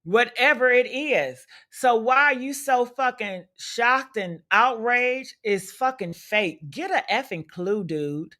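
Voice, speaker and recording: A woman's voice: fairly high pitch, lively intonation, takes it slowly, few pauses, sharp tone. A woman hosting a livestream, talking in a profane, sassy, combative way full of rhetorical questions. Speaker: livestream commentary host. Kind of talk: loud unfiltered gossip commentary.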